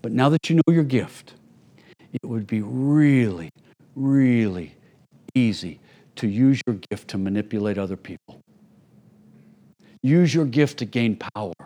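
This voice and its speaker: A man's voice: medium pitch, expressive, unhurried, pauses often, warm tone. A middle-aged man preaching a sermon to his church in a conversational way, acting out small everyday scenes to make his points. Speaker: pastor.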